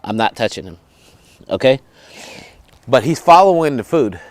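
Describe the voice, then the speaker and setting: A man's voice: mid-range voice, very animated, moderate pace, dry recording. A man teaching dog training outdoors, explaining each step and giving short commands to a dog, often checking in with "right?" and "okay?". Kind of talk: instructional dog training video.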